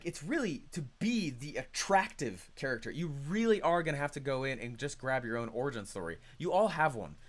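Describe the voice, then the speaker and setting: A man leading a live online coaching call, talking energetically and conversationally and reacting to chat comments. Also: on the high side.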